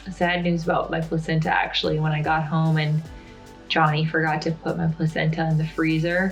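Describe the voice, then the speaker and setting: Woman, vlogger, casual storytelling, chatty filler-heavy talk, somewhat low pitch. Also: creaky. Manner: chatty, full of "like" and "um", candid.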